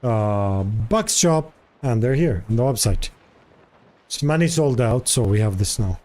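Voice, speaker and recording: A man's voice: mid-range voice, expressive, a little slow, darkish tone. A man streaming live in casual chat, curious and talkative, repeating foreign words aloud to practice them.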